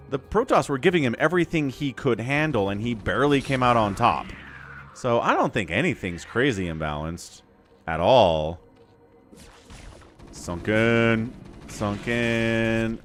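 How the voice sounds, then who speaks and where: A man casting a live-streamed strategy game, chatting with viewers and breaking into excited play-by-play during fights. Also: mid-range voice, normal speed, soft background music.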